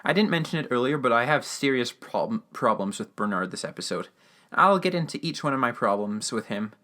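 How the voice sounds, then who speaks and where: A podcast host with a mid-range, animated voice talks briskly in a sharp tone. He gives a casual, rambling recap of a radio drama episode, full of fillers and restarts.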